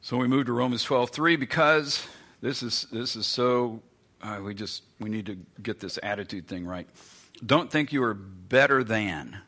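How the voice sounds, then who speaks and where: A man's voice: mid-range voice, normal speed, pushed and bright. A man preaching a sermon as pastor, in a conversational, emphatic way full of rhetorical questions.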